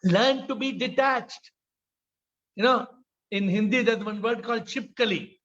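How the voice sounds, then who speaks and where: A man's voice: very high-pitched, a little slow, fairly bright tone. An older man with an Indian English accent giving an informal spiritual talk on a video call, acting out voices in his stories and often asking "huh?". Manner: storytelling, acts out quoted voices, frequent "huh?". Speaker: spiritual teacher. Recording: slightly dull video call audio.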